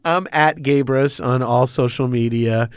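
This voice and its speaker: A man's voice: mid-range voice, measured pace, smooth, no echo, clean studio sound. A man from Long Island, telling a story as a podcast guest in loose, rambling chat. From Long Island, New York. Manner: loose, rambling, swears and laughs often.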